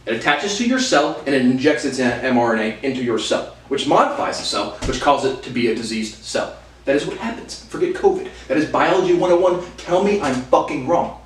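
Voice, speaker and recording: A man's voice: medium pitch, expressive, brisk, slight background noise. A man delivering an angry, profanity-filled rant to his viewers, hurling insults and repeating himself as he restarts phrases. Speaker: video host. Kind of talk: ranting monologue to camera. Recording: roomy sound from a distant mic.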